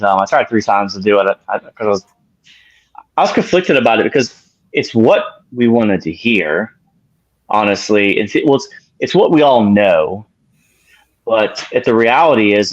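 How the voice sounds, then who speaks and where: A man's voice: lowish voice, no echo, lo-fi sound. A man who is a guest on a casual sports talk show, talking away from the mic and rambling with fillers and self-corrections.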